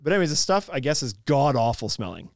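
A man co-hosting a podcast, chatting casually with an animated, rambling manner and frequent laughter. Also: mid-range voice, fast, no echo, clean studio sound. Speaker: podcast co-host. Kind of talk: casual chat.

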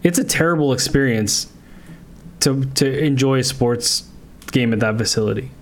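A man's voice: mid-range voice, moderate pace. A man co-hosting a podcast, bluntly airing strong opinions in casual chat. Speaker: podcast co-host.

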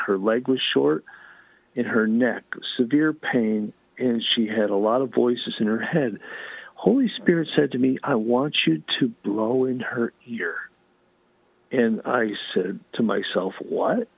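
A man's voice: medium pitch, measured pace, creaky, breathy edge, dry recording, narrow, tinny audio. A man, a guest on a talk show, telling earnest stories and acting out what people said. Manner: earnest, animated storyteller who acts out quotes. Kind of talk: storytelling in a talk show interview.

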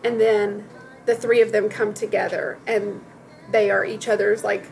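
A woman's voice: medium pitch, level tone, measured pace, creaky, a little mellow, soft background music, rough recording. A woman and mother chatting casually on a podcast, gushing and giggly about a children's book. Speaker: podcast co-host, mom. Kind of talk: casual chat.

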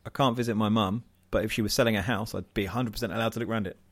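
Southern English man, low-ish voice, wry podcast co-host prone to rants. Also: fairly even intonation, very fast. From southern England. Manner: wry, ranting, self-deprecating. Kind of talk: casual chat.

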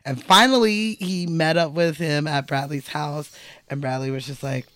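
A man co-hosting a casual podcast chat, animated and profane, laughing often. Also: fairly high pitch, normal speed, no echo, clean studio sound. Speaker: podcast co-host.

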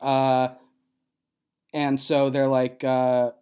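In a casual podcast chat, a man retells a film plot, rambling, using many fillers and laughing as he talks. His voice is medium-pitched and somewhat dark, with a steady tone and normal speed.

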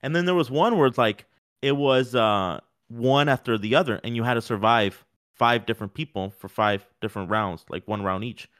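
Rambling, animated male podcast co-host. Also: medium pitch, normal speed. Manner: rambling, animated, filler-heavy. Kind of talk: casual sports chat.

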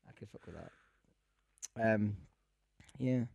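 A man's voice: lowish voice, slow, gravelly, darkish tone, no echo. A young man co-hosting a podcast in casual chat, rambling and laughing often. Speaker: podcast co-host.

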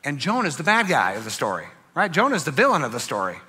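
A man preaching a sermon, telling a story dramatically and swinging between loud bursts and hushed lines. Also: on the high side, huge pitch swings, fast, breathy edge. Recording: long hall reverb with faint music.

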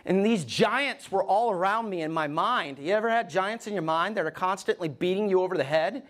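A man's voice: high voice, brisk, fairly bright tone. Emotional preaching man. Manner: personal, conversational preaching with rhetorical questions; emotional, pleading delivery. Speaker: lead pastor. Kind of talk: sermon storytelling.

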